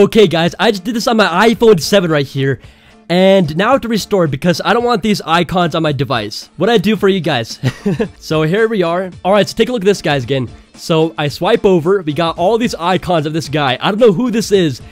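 An excitable man talks through a casual tech walkthrough, laughing often. His voice sits a little high, with faint music playing underneath. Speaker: tech video host.

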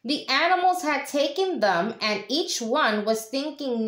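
Teacher lady reading a kids book slow, lively pitch, echoey room. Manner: slow, expressive storytelling. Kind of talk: reading a picture book aloud.

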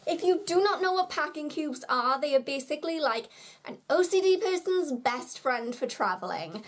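Young woman from the UK, high voice, bubbly, chatty, self-mocking, casual vlog. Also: animated, normal speed. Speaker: vlogger.

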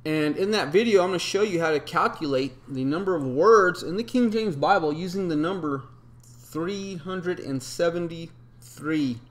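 A man's voice: on the high side, moderate pace. A man presenting a solo explanatory video, laying out long strings of numbers and reading scripture quotes, with frequent ums and uhs. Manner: methodical, recites numbers and scripture with filler ums. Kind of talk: explanatory monologue.

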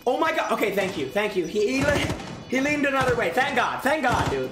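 A young man with a very high, very animated voice talks a bit quickly while live-streaming and coaching clips sent in by viewers. He's brash and foul-mouthed, often repeating himself in exasperated outbursts. The room echoes, and loud music plays behind him.

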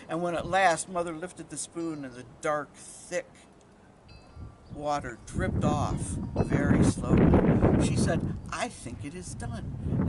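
A woman storyteller telling a folktale to children, lively and quizzing her listeners along the way. Loud background noise, with passing vehicles, runs under her voice. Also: a bass voice. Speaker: storyteller and educator.

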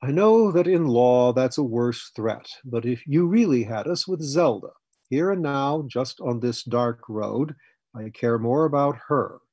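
A man voicing Fletcher, a calm, firm older mentor who talks in a measured, persuasive way. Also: mid-range voice, husky, no echo. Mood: earnest.

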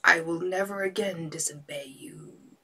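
A woman's voice: lowish voice, unhurried, sharp tone, breathy edge, full character voice. A woman voicing a haughty, vengeful giant male genie in a storybook reading, speaking in a menacing half-whisper. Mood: pleading.

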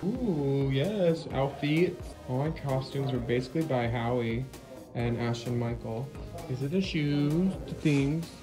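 A man's voice: medium pitch, measured pace, over music. A man in drag giving a campy, sassy backstage tour of theatre dressing rooms, quipping and laughing with castmates. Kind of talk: casual backstage vlog.

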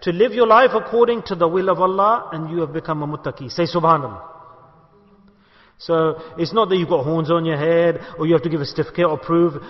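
Man preaching, emphatic, rhetorical questions, high voice, long hall echo, muffled lo-fi sound. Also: fairly even intonation, brisk. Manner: emphatic, asks rhetorical questions and calls for responses. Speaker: sheikh giving a sermon. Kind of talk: sermon to a gathering. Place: mosque gathering hall in Bolton. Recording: echoey hall, dull lo-fi sound.

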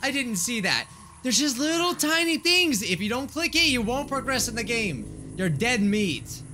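Excitable high-voiced gaming man. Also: normal speed, over music. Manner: excitable, thinks aloud, swings between mutters and high yelps of frustration. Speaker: gaming YouTuber. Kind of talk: let's play commentary.

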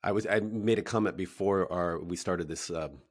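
A man hosts a casual podcast interview in a low, deep voice. He is upbeat and friendly and leans on easy fillers as he steers the conversation. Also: moderate pace. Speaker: podcast host.

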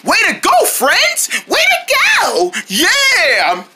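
A woman voicing a cheerful, excitable young boy who talks straight to child viewers in a sing-song way. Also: very high-pitched, extremely slow, shouting, slight background noise, full character voice. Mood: excited. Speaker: children's show character. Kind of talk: children's cartoon voice acting.

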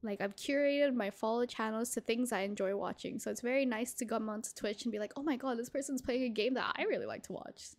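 A young woman streaming a game, chatting casually and brightly with her chat, greeting viewers by name and giggling often. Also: on the high side, fast, few pauses. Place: small room with thin walls, indoors.

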